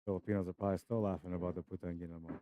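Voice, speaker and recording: A young man with a deep, low voice hosts a casual pool live-stream, chatty and laughing easily as he greets viewers by name. The sound is dry and close, with a slightly dull, muffled stream quality. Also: level tone, very fast, dry recording.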